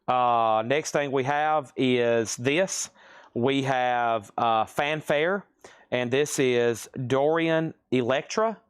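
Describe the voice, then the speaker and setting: A man's voice: mid-range voice, slow pace, clean tone, no echo. A man hosting a live record sale, calling out titles and prices, addressing buyers by name and adding chatty, self-deprecating asides. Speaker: host selling records on a livestream. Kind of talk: live auction sales patter.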